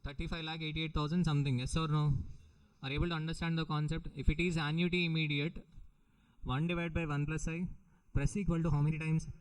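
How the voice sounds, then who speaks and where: A man's voice: fairly high pitch, level tone, fast talker, smooth, poor audio. A middle-aged man with an Indian English accent, teaching a recorded exam-prep lecture, repeating points and often checking with the students. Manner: repetitive, questioning the students often.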